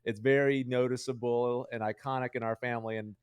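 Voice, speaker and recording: Speaking as a guest streamer in an interview, this young man talks fast and loosely, piling on fillers as he rambles. His medium-pitched voice is smooth and level in tone, captured without any room sound.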